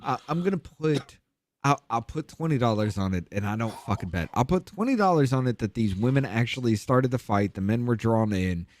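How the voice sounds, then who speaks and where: A man's voice: mid-range voice, animated, fairly quick. A man in a casual podcast chat, talking bluntly and frankly with swearing.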